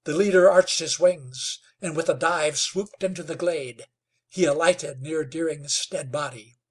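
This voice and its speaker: A man narrating a western novel in a slow, dramatic storytelling manner. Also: on the high side, husky. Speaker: audiobook narrator. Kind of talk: scripted narration.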